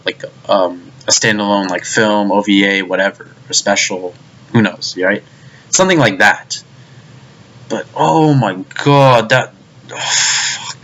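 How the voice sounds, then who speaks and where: A man's voice: fairly low pitch, a bit bright, a little hiss or hum. A young man ranting in a video review, exasperated and profane, often stumbling over his words and restarting. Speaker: anime reviewer.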